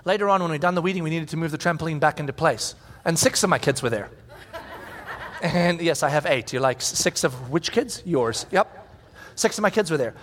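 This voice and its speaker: A man in his forties preaching a sermon as pastor, telling stories animatedly and shouting out the lines he quotes. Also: a little high, brisk. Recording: long hall reverb.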